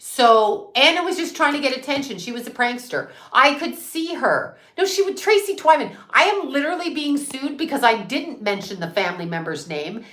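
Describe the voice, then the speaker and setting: A woman's voice: sits high, expressive, normal speed, few pauses, fairly bright tone, reverberant. A woman who is a psychic medium, talking in a defiant, profane rant and repeating herself for emphasis on her channel. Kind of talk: ranting livestream chat.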